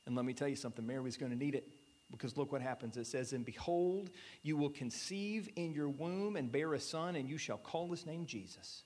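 A man in his thirties preaching a sermon in earnest, often dropping to a soft, near-whispered voice for emphasis. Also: medium pitch, a little fast. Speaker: pastor. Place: church.

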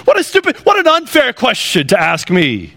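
Man putting on a shrill, indignant angry man. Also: wildly swooping pitch, moderate pace, gravelly, bright, forceful tone, exaggerated voice. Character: angry defensive man lashing out at questions.

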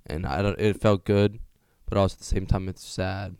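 A man's voice: low voice, steady tone, normal speed, a little mellow, clear, resonant tone, no room sound, studio quality. A young man in his late teens sharing candidly as a student guest, correcting himself as he goes. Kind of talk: personal sharing.

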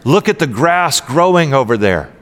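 A man reading the words of Jesus aloud in a slow, measured, gentle voice during a sermon. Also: fairly high pitch, big pitch swings. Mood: gentle, earnest. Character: Jesus, calm gentle man teaching a crowd. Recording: long hall reverb.

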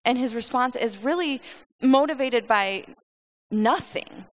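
A woman with a fairly high voice gives earnest Bible teaching. She talks in an unpolished, heartfelt way, repeating and restarting words as she works through her points. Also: unhurried.

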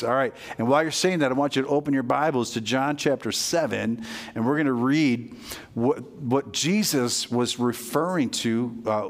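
A pastor preaching a sermon to his congregation with energy, often checking in with "all right". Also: a little high.

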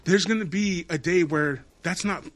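A man's voice: high voice, normal speed, soft background music. A man co-hosting a podcast, talking in an earnest, profane, encouraging way. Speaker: podcast co-host. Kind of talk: casual chat.

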